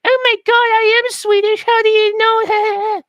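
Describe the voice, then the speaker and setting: A man voicing a bubbly young woman in a squeaky falsetto, gushing as she answers a stranger. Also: flat delivery, measured pace, a bit bright, dry recording, dull audio.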